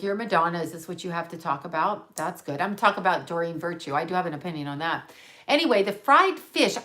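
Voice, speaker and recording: A woman's voice: medium pitch, pushed and bright. A woman hosting a casual livestream, rambling and chatty in a conspiratorial way. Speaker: livestream host.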